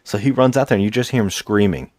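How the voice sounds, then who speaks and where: A man co-hosting a podcast, casually recapping a movie plot and quoting characters in raised, animated voices. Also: on the low side, quick pace, dry recording, clean studio sound. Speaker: podcast co-host.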